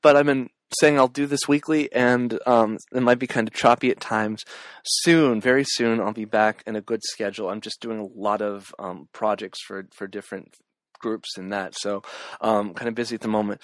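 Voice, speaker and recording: A man's voice: fairly low pitch, fairly even intonation, moderate pace, no room sound. A man from California doing a casual news roundup vlog, talking hesitantly with many ums and restarts. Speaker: vlogger and community organizer.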